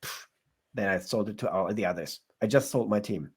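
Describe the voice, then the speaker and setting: A man's voice: on the low side, a little fast, husky. A man giving advice as a guest in an interview, often restarting his phrases as he searches for words. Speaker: guest entrepreneur. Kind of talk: casual interview answers.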